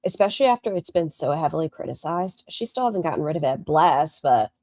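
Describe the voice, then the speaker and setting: Lower-voiced woman streamer, sarcastic reaction commentary with swearing. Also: lively intonation, brisk, a little mellow, no echo, studio quality. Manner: sardonic, profane.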